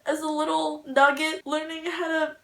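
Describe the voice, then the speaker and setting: A young woman with a high voice gushes and rambles through a casual book reaction, leaning on "like" as she goes. She sits a little back from the camera mic, so her voice carries a roomy echo. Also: little pitch movement, moderate pace, vocal fry, fairly bright tone, far from the mic. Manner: rambling, emotional, gushing, lots of "like". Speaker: book vlogger. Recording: echoey room, voice a little off-mic.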